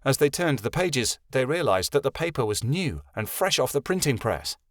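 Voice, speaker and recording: A man narrating a fantasy audiobook in a steady storytelling voice. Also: mid-range voice, normal speed, no echo, clean studio sound. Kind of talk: scripted narration.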